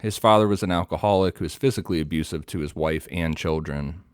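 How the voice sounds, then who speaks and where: A man co-hosting a podcast, reading his prepared research notes in a steady, matter-of-fact way. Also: low voice, fast, smooth, dry recording, studio quality.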